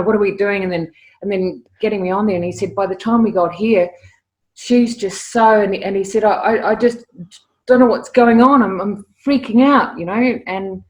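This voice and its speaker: A middle-aged woman, a guest telling stories in a casual interview, lively and often repeating words as she starts a sentence. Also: medium pitch. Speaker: interview guest, animal communicator.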